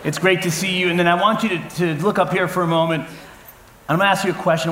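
Man, forties, pastor, sermon, slightly high voice, humorous storytelling, reverberant church hall. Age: 40s. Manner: lively, addressing a crowd with cheers and callouts. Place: church auditorium before a congregation.

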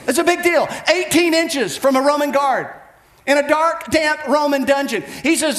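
A man's voice: very high voice, very animated, moderate pace, a bit bright, echoey room. A man preaching a sermon as pastor, with an emphatic, repetitive cadence.

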